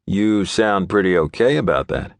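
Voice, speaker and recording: A blunt male friend who pushes for answers, gruff but concerned, in a low voice with lively inflection, as the audiobook narrator plays him. Close and dry, with no room sound. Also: normal speed, dry recording. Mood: prodding. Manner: blunt, prodding. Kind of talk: audiobook character voice.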